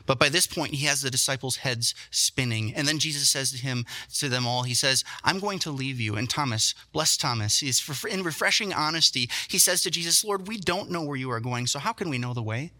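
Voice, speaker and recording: A young man preaching a sermon, telling stories with animated, self-deprecating asides. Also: medium pitch, brisk. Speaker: pastor.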